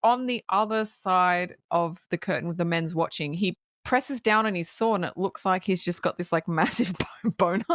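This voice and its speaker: A woman's voice: on the low side, moderate pace, few pauses, no room sound, studio quality. A woman co-hosting a casual film review podcast, giggling often and swearing freely as she retells scenes. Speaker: podcast co-host.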